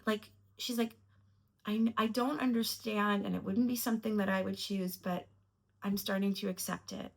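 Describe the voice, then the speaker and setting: A woman's voice: mid-range voice, creaky. Earnest reflective woman vlogger. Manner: reflective, earnest, emotional at times. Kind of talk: personal storytelling to camera.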